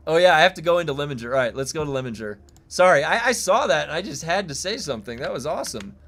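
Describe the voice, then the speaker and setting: A man streaming a game live, thinking aloud and reacting excitedly, swearing when things break. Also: on the high side, fast talker, hardly any pauses. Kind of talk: live gameplay streaming commentary.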